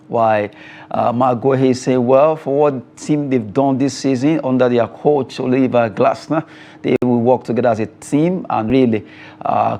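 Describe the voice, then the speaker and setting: A man with a Nigerian English accent hosting a weekend sports phone-in, chatty and quick to laugh with callers, with frequent fillers. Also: mid-range voice, warm tone. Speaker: sports show host. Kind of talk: radio phone-in presenting.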